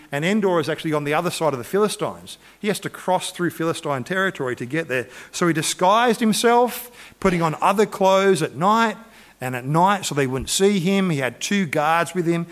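A man preaching a sermon, retelling a Bible story in an animated, storytelling way and acting out the quotes. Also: on the high side. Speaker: pastor.

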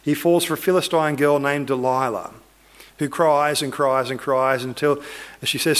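A man's voice: mid-range voice, fairly even intonation, moderate pace. A man preaching, retelling a Bible story in a loose, conversational way with asides to his listeners.

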